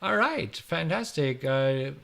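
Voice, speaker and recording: Speaking slowly with some vocal fry, this middle-aged German host answers questions from his live-stream viewers. His pitch is slightly high, his accent German, and his talk lively and chatty, with words often repeated.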